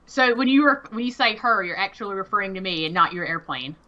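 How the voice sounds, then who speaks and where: A woman's voice: medium pitch, animated, fast talker, muffled recording. A woman streamer chatting casually during a game, laughing and teasingly indignant. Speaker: gamer streamer.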